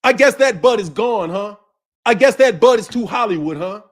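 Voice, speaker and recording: A man's voice: high voice, expressive, normal speed. A man hosting a boxing channel, ranting in heated, profane, confrontational bursts and repeating himself as he calls someone out. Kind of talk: ranting commentary to camera.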